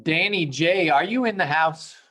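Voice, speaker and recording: A man's voice: a little high, measured pace, pushed and bright. A man hosting a live day trading room, chatting in an upbeat, chummy, rambling way. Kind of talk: casual live trading chat.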